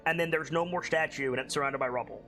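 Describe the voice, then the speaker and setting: A man's voice: fairly high pitch, fast talker, pushed and bright, faint music behind. A man as game master of a tabletop game, explaining the scene loosely with many fillers.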